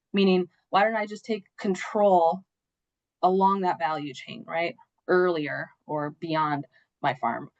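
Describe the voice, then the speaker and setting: A woman's voice: on the low side, no echo. A woman presenting slides in a webinar, talking conversationally with fillers and tag questions while losing her voice. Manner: conversational, with frequent fillers and "right?" asides. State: losing her voice, clearing her throat. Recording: dull, dry video-call audio.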